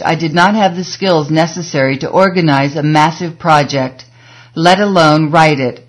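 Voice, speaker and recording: A woman narrating an audiobook in a measured, scripted reading that slows for emphasis. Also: low voice.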